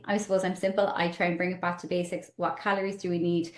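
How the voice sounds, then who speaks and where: A woman doctor explains things patiently, using "I suppose" as a filler. Her voice sits fairly low, and the room around her echoes. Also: little pitch movement, fast. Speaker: doctor and nutrition guest. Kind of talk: interview answer.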